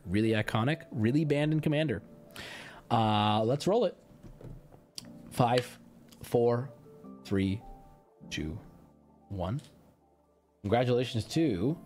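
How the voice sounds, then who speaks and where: A man streaming live, chatting casually with his viewers while he opens card packs, swearing and switching between loud bursts and mumbling. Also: medium pitch.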